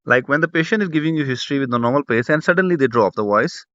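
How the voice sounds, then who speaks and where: A man's voice: fairly high pitch, animated, fast, fairly bright tone, no room sound. Guy teaching an online class, repeats himself a lot, dull dry lo-fi audio. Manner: repetitive, restarts a lot, lots of fillers. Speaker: exam prep teacher.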